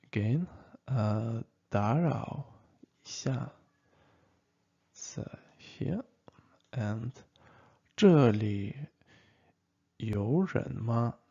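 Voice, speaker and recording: A man gives a relaxed lesson at a very slow, halting pace, full of fillers and little "okay?" checks. His voice is gravelly and a bit husky. The recording sounds dull and lo-fi. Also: mid-range voice. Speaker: language teacher. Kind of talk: casual spoken lesson.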